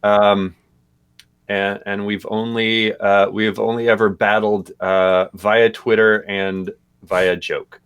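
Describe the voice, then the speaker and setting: A man's voice: fairly low pitch, little pitch movement, slow pace, a bit bright, clean tone, dry recording. A man co-hosting a live stream, answering viewer questions in a loose, rambling way with lots of fillers. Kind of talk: casual live-stream chat.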